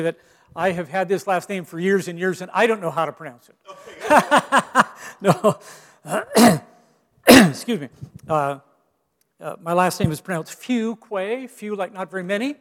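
As a guest speaker in a church sanctuary, a man preaches a sermon with self-deprecating humor, frequently restarting his phrases. His voice is high and a bit bright, with a big-room sound.

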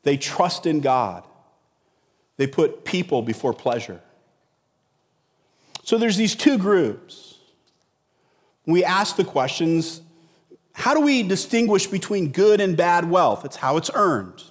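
Conversational middle-aged pastor in an echoing hall. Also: male voice, high voice, big pitch swings, takes it slowly, long pauses. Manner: conversational, repeats words, asks rhetorical questions. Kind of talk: sermon.

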